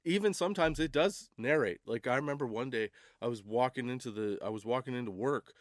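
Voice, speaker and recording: A man's voice: mid-range voice, fairly quick, no echo, studio quality. A man hosting a comedy podcast, rambling through a casual monologue with laughs and restarts. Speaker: podcast host.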